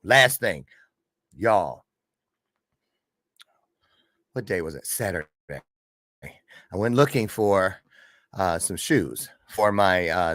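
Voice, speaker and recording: A man's voice: mid-range voice, bright, forceful tone, dry recording. Guy hosting his morning show, joking around and punning, voice swinging up and down a lot, dry close sound. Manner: playful, punning, chatty, jumps between asides. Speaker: podcast host. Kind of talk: casual morning show monologue. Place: Chicago area.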